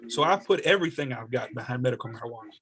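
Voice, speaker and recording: A man's voice: mid-range voice, expressive, racing, a bit bright. A man who serves as a state representative, answering questions on a video call and telling stories earnestly, with many restarts.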